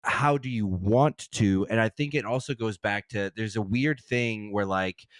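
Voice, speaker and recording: A man's voice: on the low side, measured pace, no echo, clean studio sound. A man in his thirties, a podcast co-host, talking reflectively in casual chat, searching for words. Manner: reflective, searching, full of "like" and trailing questions.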